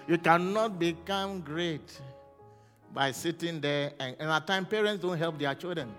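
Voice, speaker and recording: A man preaching a fervent sermon as pastor, rising to shouts and asking the congregation questions. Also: on the high side, measured pace, big-room sound, faint music behind.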